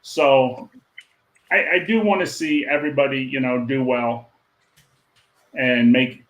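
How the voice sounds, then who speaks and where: A man musing hesitantly as a panelist on a livestream, with frequent pauses and ums. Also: mid-range voice, fairly even intonation. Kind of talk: casual podcast chat.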